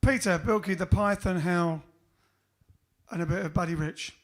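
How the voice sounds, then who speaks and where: A man's voice: sits high, moderate pace. A man hosting a band livestream, chatting casually between songs with rambling, joking asides.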